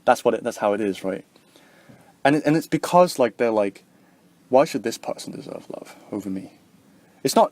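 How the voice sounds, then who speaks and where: A man's voice: on the low side, no echo. Rambling, profane young man vlogging. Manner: rambling, heavy filler words, profane, animated quoting. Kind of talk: casual rambling monologue.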